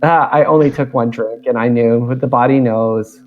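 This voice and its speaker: A man's voice: medium pitch, steady tone, normal speed. A man co-hosting a podcast, telling a story in an easygoing, chatty way. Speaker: podcast co-host. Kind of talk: casual chat. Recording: dull lo-fi sound.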